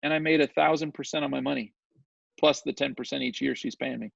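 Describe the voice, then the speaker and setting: A man guesting on an interview, telling a story in an animated, chatty way and often checking in with "right?" His voice is gravelly and mid-pitched. The recording is dry and dull, with a lo-fi sound. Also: fast, dry recording. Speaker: guest, real estate developer.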